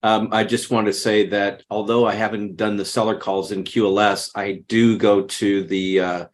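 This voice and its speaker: A man's voice: fairly low pitch, little pitch movement, normal speed. A man on a group video call who speaks bluntly and matter-of-factly. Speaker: call participant. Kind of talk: casual group discussion.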